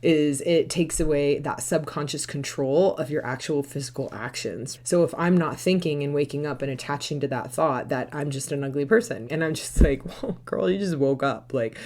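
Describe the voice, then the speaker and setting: A woman mindset coach as a podcast guest, talking fast and animatedly and laughing often. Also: sits low, darkish tone, a little hiss or hum. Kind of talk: podcast interview.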